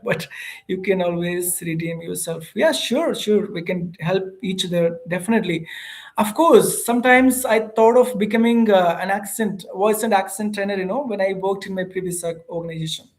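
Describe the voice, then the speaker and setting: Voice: mid-range voice, moderate pace. A speaker with an Indian English accent, an English teacher who chats casually on a live stream and answers viewer comments with frequent hesitations. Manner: chatty and animated, reads and answers viewer comments, frequent "uh" fillers.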